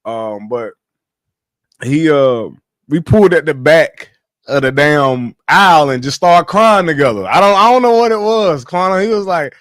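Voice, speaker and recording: A man on a casual livestream, telling his life story in animated slang, swearing freely. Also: fairly high pitch, moderate pace, no room sound, clean studio sound.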